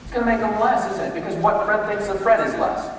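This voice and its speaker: A man giving a motivational leadership workshop, telling stories in an animated way and acting out the quotes himself, recorded from far off in an echoey room. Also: high-pitched, fast talker. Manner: animated storytelling, acts out quotes. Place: large room with tables, echoey. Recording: echoey hall from far off, faint ambience.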